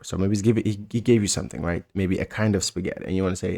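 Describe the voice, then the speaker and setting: A man with a Mauritanian accent giving a casual spoken language lesson, often halting and repeating words and phrases slowly for learners. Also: sits low, vocal fry, a little mellow. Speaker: language teacher.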